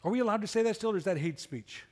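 A man's voice: high voice, animated, racing, darkish tone, long reverb tail. A middle-aged man preaching a sermon as pastor, conversational and full of rhetorical questions. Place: church sanctuary.

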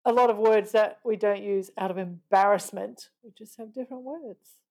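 A woman's voice: mid-range voice, normal speed, darkish tone. An Australian woman chatting casually as a podcast guest, blunt, laughing often and swearing freely. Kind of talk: casual chat.

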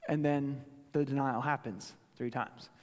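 A man preaching a sermon as a pastor, building with repeated phrases and dropping to a hush for emphasis. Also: medium pitch, fairly even intonation, measured pace, long reverb tail. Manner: dramatic, drops to a hush for emphasis.

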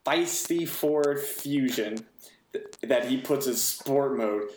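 A man's voice: medium pitch, slow pace, darkish tone, slight background noise. Podcast dude cracking jokes, mid voice, roomy echo on his mic. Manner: joking, teasing, mock-serious. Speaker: podcast co-host. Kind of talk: casual chat.

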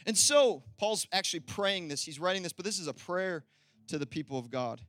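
A man preaching a sermon as pastor, animated and emphatic, calling out to the congregation for an amen. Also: high-pitched, brisk, no room sound, faint music behind.

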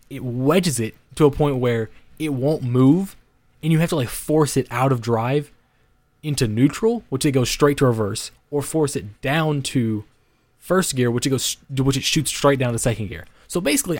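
Young male podcast co-host, mid-pitch voice, swears a lot, rambling, dry close sound. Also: no echo. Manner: rambling, heavy swearing, many restarts and "like" fillers. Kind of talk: casual storytelling.

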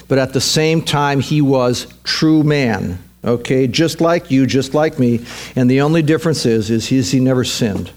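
A man's voice: mid-range voice, darkish tone. A man preaching a sermon as pastor, talking emphatically with lots of repetition.

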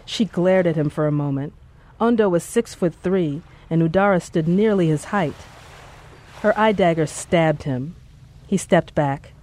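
Audiobook narrator, scripted narration, measured, mid-pitched voice. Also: darkish tone.

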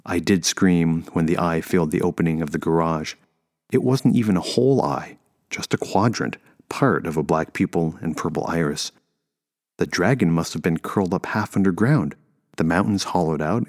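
A man narrating a first-person story in a measured, steady way. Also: low-pitched.

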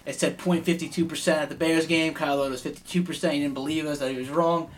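A man's voice: fairly high pitch, fairly even intonation, quick pace, a little hiss or hum. Profane man ranting about football. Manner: profane, rambling, heated about bad play. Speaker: podcast co-host. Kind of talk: casual sports betting chat.

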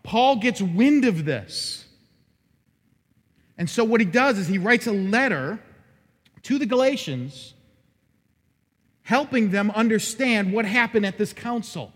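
A man preaching an expository sermon as pastor, animated and dramatic, acting out quoted lines with sudden rises in his voice. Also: high-pitched, slow pace, pauses often, breathy edge. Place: church sanctuary. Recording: long hall reverb.

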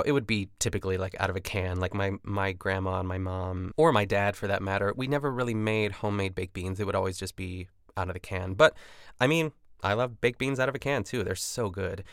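A man's voice: deep voice, gravelly, fairly bright tone, no room sound, studio quality. A man hosting a podcast, recapping a cooking show in rambling, chatty casual talk full of "like" and jokey asides. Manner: rambling and chatty, heavy use of "like"; jokey, laughs at his own asides. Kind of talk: casual chat.

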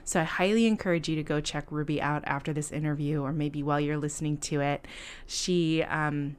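A woman hosting a podcast, with a slightly low voice. She talks in a casual, gushing and enthusiastic way and uses lots of fillers. It sounds like an easy chat with a friend. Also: steady tone, fairly quick, clear, resonant tone. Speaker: podcast host.

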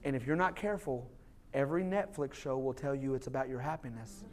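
Recorded with a little hiss or hum, this lead pastor in his thirties has a mid-range, slightly mellow voice and speaks briskly. Preaching to his church in the sanctuary, he sounds casual and chatty, as though across a table, and voices short quotes to drive points home.

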